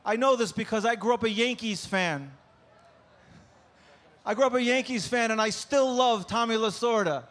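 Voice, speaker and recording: A man's voice: extremely high pitch, moderate pace, fairly bright tone. A male stand-up comedian opening his set with loose crowd work and stammered restarts on a stage microphone. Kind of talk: live stand-up opener.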